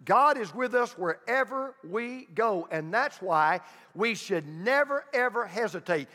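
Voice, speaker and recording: A man preaching a sermon, emphatic, repeating key phrases and dropping very soft for emphasis. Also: high voice, expressive, a little slow, in a large hall. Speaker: pastor.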